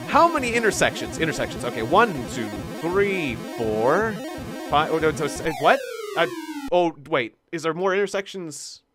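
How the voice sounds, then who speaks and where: A fairly high-voiced man streams a game live, chatting with viewers in a nervous, self-deprecating way. He keeps tripping over his words and restarting sentences. Game music plays clearly behind his voice. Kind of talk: live gameplay commentary.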